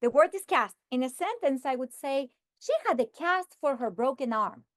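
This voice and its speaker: Woman teacher trainer, fairly high voice, slow deliberate sounding-out, dry close sound. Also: expressive, dry recording. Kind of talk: modeling a phonics lesson for teachers.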